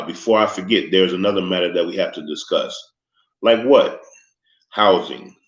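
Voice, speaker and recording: A man's voice: low-pitched, lightly acted. A man voicing an older, formal crime boss who speaks with a thick accent in a storybook reading. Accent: thick foreign accent. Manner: formal, polite, unhurried speech. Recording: echoey, slightly muffled room recording.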